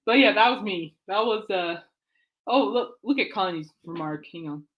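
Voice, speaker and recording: Excitable rambling woman podcast host. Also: medium pitch, moderate pace. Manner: rambling, excitable, trails off and restarts. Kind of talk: rambling casual chat.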